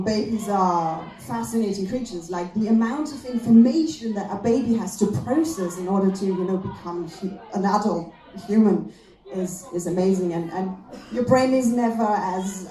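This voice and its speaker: A woman's voice: mid-range voice, warm tone. A woman doing a stand-up comedy routine in a conversational, wry manner. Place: comedy venue stage. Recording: echoey room.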